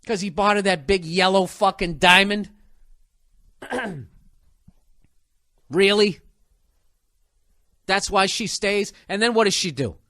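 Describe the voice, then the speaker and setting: American guy ranting solo on his podcast, sarcastic and swearing a lot, kinda high voice, dry close sound. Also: unhurried, pauses often, a bit bright, dry recording. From United States. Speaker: podcast host.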